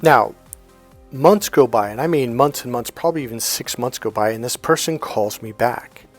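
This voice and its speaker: A man's voice: medium pitch, moderate pace. Conversational male coach, faint music behind. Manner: conversational, with frequent restarts and quoted dialogue. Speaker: dating and healing coach. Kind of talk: casual motivational monologue.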